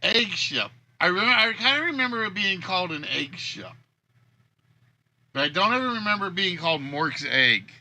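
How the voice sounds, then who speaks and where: Bright-voiced man musing aloud. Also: high-pitched, expressive, normal speed. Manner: rambling, thinking aloud with restarts. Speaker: game show host and creator. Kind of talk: casual livestream chat.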